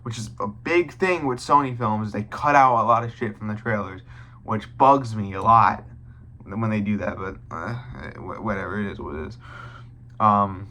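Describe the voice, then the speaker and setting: A young man talks through a film review in a casual, offhand way, swearing freely and stopping to restart his thoughts. His voice sits fairly low but comes across bright and forceful. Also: moderate pace. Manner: blunt and profane, with frequent restarts.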